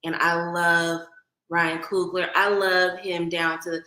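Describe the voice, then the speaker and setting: A woman's voice: lowish voice, little pitch movement, slow pace, pushed and bright, reverberant, rough recording. A woman from Oakland with a light Bay Area accent, chatting casually with viewers on a livestream and greeting them by name. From Oakland, California. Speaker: livestream host.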